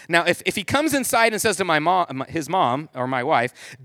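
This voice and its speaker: High-voiced man telling funny stories. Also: very animated, fairly quick, pushed and bright, dry recording. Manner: loose, chatty, self-mocking, heavy use of "like". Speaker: speaker telling a family story to an audience. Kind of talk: humorous storytelling talk.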